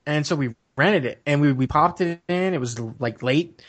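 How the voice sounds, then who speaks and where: Man, casual podcast co-host, slightly high voice, rambling laughing storyteller. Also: normal speed, a bit bright. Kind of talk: casual chat.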